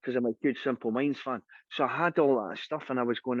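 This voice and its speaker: A Scottish man spins casual stories about his music career and acts out the voices of the people in them. His voice sits at an ordinary pitch and is recorded dry and a little dull, like a lo-fi call. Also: a little fast, dry recording. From Scotland. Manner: lively anecdotal storyteller, acts out quoted voices. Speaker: singer and interview guest. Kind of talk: casual storytelling interview.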